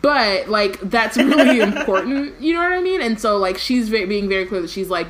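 A woman's voice: mid-range voice, lively intonation, moderate pace, hardly any pauses, a little hiss or hum. A woman co-hosting a casual book podcast, reading passages aloud and chatting with lots of fillers and laughs. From California.

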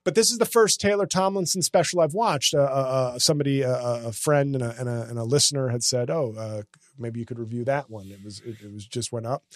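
A man's voice: mid-range voice, fast talker, few pauses, dry recording, clean studio sound. A man hosting a casual comedy podcast, talking in a sarcastic, ranting, self-mocking way.

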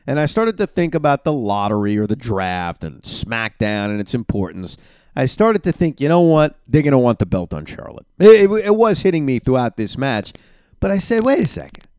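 Male podcast host, mid-pitched, very animated, opinionated ranter, dry close sound. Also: normal speed, clear, resonant tone, no echo. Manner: opinionated, ranting; animated, emphatic. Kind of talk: solo podcast reaction.

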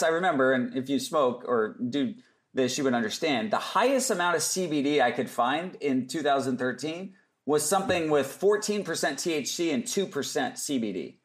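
A man speaking as a guest on a podcast, his voice sitting a little above the usual male range. He tells lively stories in a casual way and acts out the lines of the people in them. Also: fairly high pitch, fast talker. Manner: lively anecdotes, acting out other people's lines. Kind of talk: casual storytelling interview.

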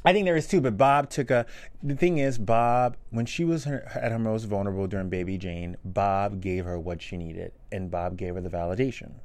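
A man's voice: lowish voice, moderate pace, darkish tone, dry recording. A man co-hosting a casual chat, blunt and teasing. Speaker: podcast co-host.

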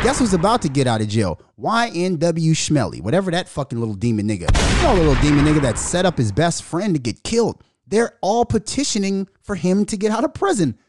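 A man's voice: a little high, a little mellow, no echo, studio quality. A man hosting a podcast, ranting in a profane monologue and mocking the voices of others. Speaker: podcast host.

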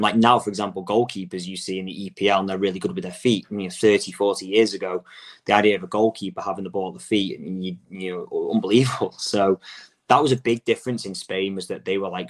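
Deep-voiced young Englishman. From England. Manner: rambling, many restarts and "like" fillers. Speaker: guest, soccer coach. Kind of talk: casual interview talk.

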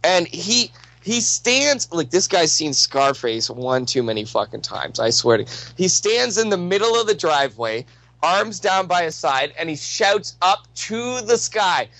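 A man's voice: high voice, big pitch swings, unhurried, fairly bright tone, no room sound, low-quality recording. A young man casually telling a rambling, profanity-laced anecdote, full of restarts and asides.

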